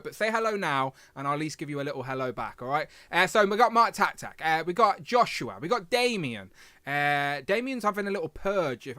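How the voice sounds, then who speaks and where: A chatty British man runs a casual live stream, rambling and poking fun at himself. His voice sits a little high, and the sound is dry and close. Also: sharp tone, no echo. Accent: British English. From Britain. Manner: chatty, self-deprecating, rambling. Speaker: livestream host.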